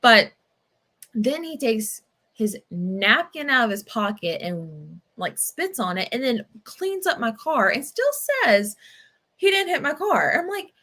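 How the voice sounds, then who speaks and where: A woman's voice: fairly high pitch, very animated, slow, pushed and bright. A young adult woman hosting a casual livestream, chatting and telling stories in a rambling way with many fillers. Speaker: livestream book-club host. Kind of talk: casual livestream chat and storytelling.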